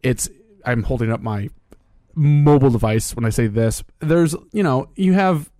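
A man's voice: medium pitch, normal speed, warm tone, no room sound, studio quality. A young adult man in casual chat, rambling and restarting his sentences as he explains a point.

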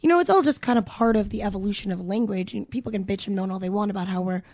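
Casual chat: young woman, mellow tone, dry close sound, loose and sweary. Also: mid-range voice, very fast, no room sound. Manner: casual swearing, lots of fillers.

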